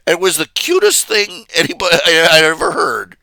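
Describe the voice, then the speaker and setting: Male streamer, slow halting casual chat, lively pitch, crisp dry voice. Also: dry recording. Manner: rambling, halting, many fillers and restarts, chuckling storyteller. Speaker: live streamer.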